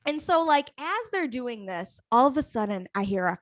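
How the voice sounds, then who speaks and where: A young adult woman telling a comic personal story on a live stream, profane, animated and self-mocking. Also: fairly high pitch, moderate pace, heavy background noise.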